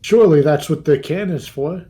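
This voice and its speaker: A player with a dark, mellow tone describes their character's actions in a tabletop game. The delivery is hesitant and slightly formal, with frequent pauses. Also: mid-range voice. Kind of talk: tabletop role-play.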